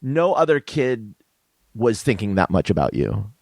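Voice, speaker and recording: Rambling, halting man co-host. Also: fairly low pitch, very animated, darkish tone, breathy edge, dry recording. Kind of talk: casual chat.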